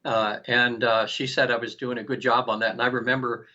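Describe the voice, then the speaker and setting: A man in his sixties, an interview guest telling a personal story in an animated way, acting out quoted lines and often restarting his sentences. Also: medium pitch, brisk. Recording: dull lo-fi recording.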